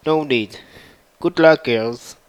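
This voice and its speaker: Man playing a kind male farmer, gentle, hesitant, game fan story. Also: fairly high pitch, slow pace, clear, resonant tone, dry recording, rough recording.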